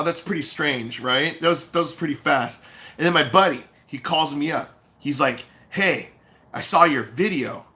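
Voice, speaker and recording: A man livestreaming casual chat, excitedly retelling stories and acting out what people said. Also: on the high side. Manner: animated, excitable, retells stories in quoted voices. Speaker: YouTube vlogger. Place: indoors, livestream.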